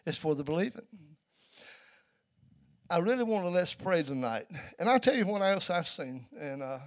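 A man's voice: sits high, very animated, a little fast. Fervent preaching man. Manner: emphatic, storytelling, swelling to loud peaks. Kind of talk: sermon. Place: church.

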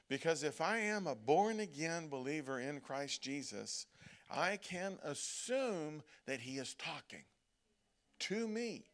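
Male preacher with a slightly higher voice, conversational sermon delivery, lots of "okay?" check-ins. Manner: conversational preaching, frequent "okay?" check-ins, slows to stress quoted verses. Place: church service.

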